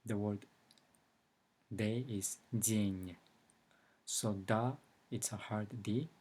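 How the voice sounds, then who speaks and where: Brief: male teacher, lowish husky voice, slow careful lesson delivery. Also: steady tone, mellow. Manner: slow, careful explanations with example words. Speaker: language teacher. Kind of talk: recorded language lesson.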